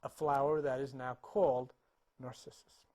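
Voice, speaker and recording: A man's voice: medium pitch, little pitch movement, normal speed, a little mellow. A man retelling a myth in a loose, chatty way while pointing to paintings, with frequent restarts and small laughs. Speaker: speaker telling a myth about paintings. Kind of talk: casual storytelling talk.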